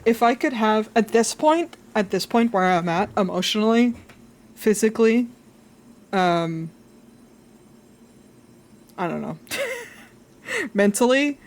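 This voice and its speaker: A woman's voice: medium pitch, animated, unhurried, long pauses. A young adult woman chatting casually while drawing on a live stream, rambling and self-reflective, laughing often.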